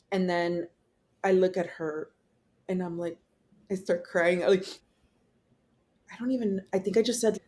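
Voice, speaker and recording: A woman's voice: on the low side, warm tone. A woman guest on a podcast telling a personal story in blunt, casual speech, swearing freely and rambling with fillers. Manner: rambling with fillers, acting out quotes.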